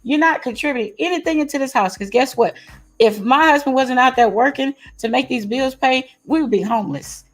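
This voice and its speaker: Outspoken woman with a high voice. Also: a little fast, faint music behind. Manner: outspoken and emphatic, with short reactions. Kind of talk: casual chat.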